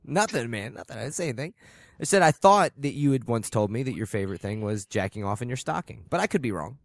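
A man's voice: mid-range voice, animated, fast, vocal fry, no room sound, clean studio sound. A man co-hosting a podcast, teasing his co-host in profane casual chat and laughing often.

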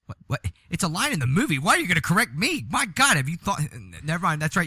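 A man's voice: fairly high pitch, big pitch swings, quick pace, few pauses, pushed and bright, no echo, clean studio sound. A man hosting a podcast in casual, profane banter, teasing his co-hosts and laughing often. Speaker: podcast host.

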